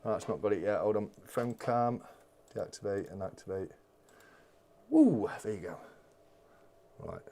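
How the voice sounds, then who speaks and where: A man's voice: lowish voice, unhurried, vocal fry, pauses often, dark tone. A man hosting a live-stream unboxing, talking casually and gushing with exclamations. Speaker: channel host.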